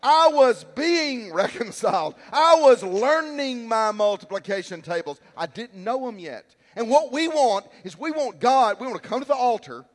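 A man with a high, lively voice delivers a sermon in a church sanctuary, telling a personal story and acting out the shouts and quotes in it. His voice carries a long reverb from the large hall. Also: moderate pace, hardly any pauses. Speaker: pastor.

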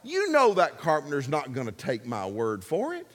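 A man preaching a sermon, emphatic and animated, swinging between loud and soft. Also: on the high side, normal speed, big-room sound. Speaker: pastor.

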